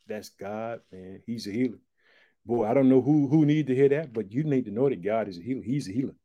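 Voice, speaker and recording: A man preaching a sermon, exclaiming often and reading scripture aloud in a raised, drawn-out voice. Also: medium pitch, mellow, muffled recording. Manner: exclaiming, repeats "boy" and "check it out".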